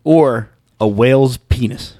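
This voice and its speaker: A man hosting a casual podcast, quickly reading quiz facts and teasing his co-hosts. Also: mid-range voice, mellow, dry recording, clean studio sound. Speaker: podcast host running a quiz segment.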